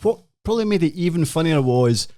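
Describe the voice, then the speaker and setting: A man's voice: fairly high pitch, expressive, fairly quick, mellow. A man co-hosting a football podcast, talking with many stammered restarts. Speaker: podcast co-host. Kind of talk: casual chat.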